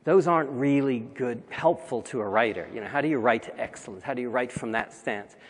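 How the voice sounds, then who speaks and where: A man's voice: medium pitch, fairly quick. A man giving a conversational conference talk with wry asides, recorded in a large hall. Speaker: conference speaker.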